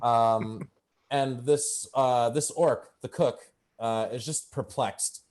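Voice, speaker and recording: A man's voice: mid-range voice, slow, darkish tone. Laid-back man running a tabletop game. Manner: loose, many fillers. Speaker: game master.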